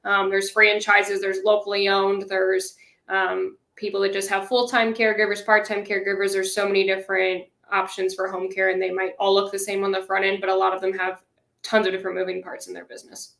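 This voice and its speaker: A woman explains home care with almost no rise or fall in her voice, filling pauses with "um". Her speech rings in a roomy, echoing space. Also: medium pitch, vocal fry. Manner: flat, filler-heavy, explanatory. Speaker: co-host. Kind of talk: casual advice chat.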